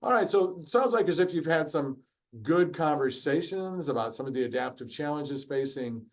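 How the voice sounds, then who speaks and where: A man's voice: on the high side, lively intonation, normal speed. Man leading an online workshop. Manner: conversational, frequent fillers. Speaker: course facilitator.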